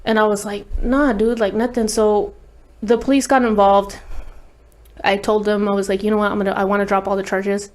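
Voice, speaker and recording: A woman's voice: medium pitch, level tone, fairly quick. A woman guest on an interview show, telling a personal story candidly and bluntly, swearing freely and saying "like" often. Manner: blunt, profane, heavy use of "like". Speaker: guest recording artist.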